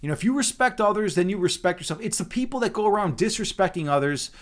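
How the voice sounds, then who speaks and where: A man's voice: sits high, expressive, fast. A man from Chicago hosting a casual livestream chat, rambling and laid-back, repeating words and saying "dude" and "man" a lot. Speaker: livestream host.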